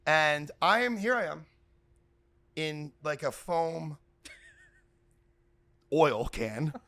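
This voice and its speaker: High, bright, excitable male podcast host. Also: drawn-out words, vocal fry, no room sound. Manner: loud, excitable, breaks into shouting and laughter. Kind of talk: animated comic storytelling.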